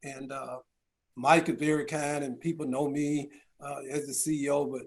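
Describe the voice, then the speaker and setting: This Georgia man, middle-aged and serving as a county chief executive, talks at a moderate pace with little pitch movement and a voice on the high side. At a business round table, he spins stories full of rhetorical questions and homespun asides.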